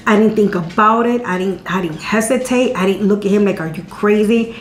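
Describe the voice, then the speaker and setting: A woman's voice: mid-range voice, fairly quick. A woman in her thirties chatting candidly to her viewers, telling a personal story. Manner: chatty and candid, repeating words as she talks. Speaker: vlogger answering viewer questions. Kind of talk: casual storytelling chat. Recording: echoey room with faint hum.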